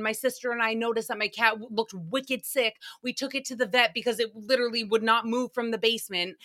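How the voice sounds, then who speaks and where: A young woman hosting a podcast, recapping an episode in a profane, sarcastic comic monologue. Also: on the high side. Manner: profane, sarcastic, animated storytelling. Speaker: podcast host. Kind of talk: casual comedic recap monologue.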